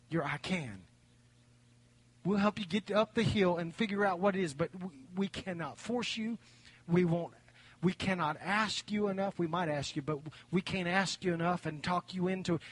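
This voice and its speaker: A middle-aged man preaching a sermon as pastor in a church, swinging from loud exhortation to hushed whispers. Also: fairly high pitch, slight background noise. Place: church sanctuary.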